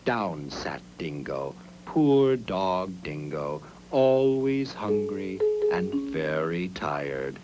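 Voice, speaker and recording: A man's voice: deep voice, big pitch swings, extremely slow, few pauses, low-quality recording. A man narrating a children's story in a rhythmic, sing-song telling. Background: music.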